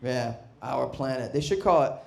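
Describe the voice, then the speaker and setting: A man doing a stand-up comedy set, brash and profane, bursting into loud shouts. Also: medium pitch, expressive, normal speed, creaky. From Boston. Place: comedy club stage.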